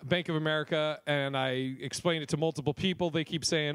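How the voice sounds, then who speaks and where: A young man hosts a podcast with a fairly high voice, rambling through a story and swearing freely. The sound is dry and close, with no room around it. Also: fairly even intonation, brisk, a bit bright, clear, resonant tone, dry recording. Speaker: podcast host. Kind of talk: casual chat.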